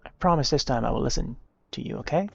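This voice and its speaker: A streamer voicing a worried mother in a game, speaking softly and coaxingly. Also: mid-range voice, expressive, quick pace, vocal fry, slightly rough, dull audio. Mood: soothing. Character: gentle worried mother, soft and soothing.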